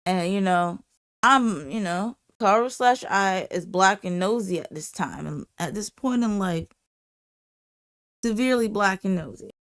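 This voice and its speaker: A woman's voice: medium pitch, measured pace, a bit bright. A woman hosting a livestream, telling a casual, rambling story and repeating phrases for emphasis. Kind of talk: casual storytime while drawing.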